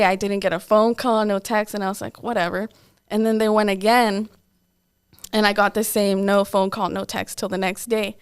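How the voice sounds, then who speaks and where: A woman's voice: medium pitch, clean tone. A young woman co-hosting a podcast, casually telling a personal story with lots of "like" and acted-out quotes. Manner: candid, lots of "like" and quoted asides. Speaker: podcast co-host.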